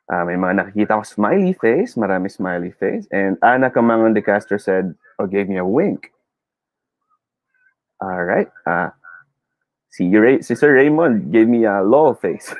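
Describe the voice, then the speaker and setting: A man's voice: medium pitch, no room sound. A man with a Filipino accent teaching a live online pronunciation lesson, upbeat and encouraging, reading out viewer comments and switching between English and Tagalog.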